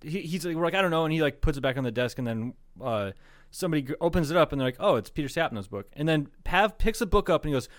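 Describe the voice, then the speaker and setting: A man's voice: a little high, lively intonation, quick pace, no echo, clean studio sound. A man co-hosting a podcast, telling rambling stories in casual chat, swearing and laughing often. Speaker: podcast co-host.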